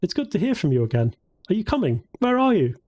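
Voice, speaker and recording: Man putting on a lifted, bouncy young woman's voice, upbeat, excitable, mellow and slightly husky underneath, storybook audiobook. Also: sits high, fast, pitched above the performer's own voice. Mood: excited. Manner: bright, bubbly and eager.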